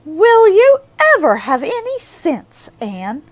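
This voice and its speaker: A woman's voice: mid-range voice, animated, slow, a bit bright. A woman voicing a stern, skeptical older woman who speaks dryly. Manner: dry, skeptical.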